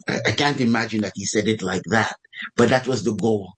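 A man delivers a sermon in a low, slightly husky voice. He preaches with animation, jumping up in pitch when he acts out what people say in prayer. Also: a little fast, fairly bright tone, rough recording.

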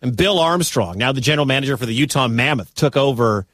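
A man from the American Midwest hosting a sports talk radio show, talking in an animated, incredulous, conversational way. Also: mid-range voice, fast, dry recording, clean studio sound.

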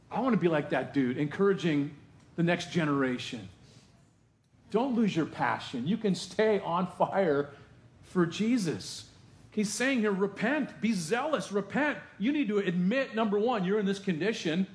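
A male pastor preaching a sermon to his congregation in a lively, conversational way, with asides to the room. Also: high-pitched, moderate pace, roomy sound. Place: church sanctuary.

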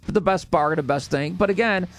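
A man's voice: sits high, brisk. A man from Chicago talking football in an easygoing, rambling, emphatic way. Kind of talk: casual sports chat.

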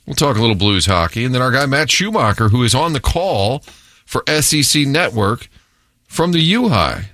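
A man hosting a morning sports radio show, brisk and jokey as he runs through the rundown. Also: medium pitch, very animated, a bit bright, no echo, clean studio sound.

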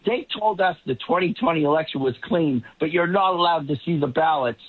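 A man's voice: a little high, animated, brisk, breathy edge, narrow, tinny audio. A man talking politics on a roundtable in an easy conversational way, often restarting his sentences. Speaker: political commentator. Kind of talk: roundtable discussion.

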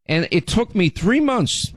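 A man's voice: high-pitched, expressive, unhurried, no echo, clean studio sound. A man hosting a radio show, telling rambling stories and teasing his co-host in casual on-air talk.

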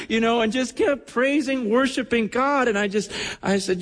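A man's voice: extremely high pitch, fairly bright tone, a little hiss or hum. Fervent man preaching in a reverberant hall. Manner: fervent, halting restarts, acts out quoted voices. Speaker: pastor. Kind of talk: sermon storytelling.

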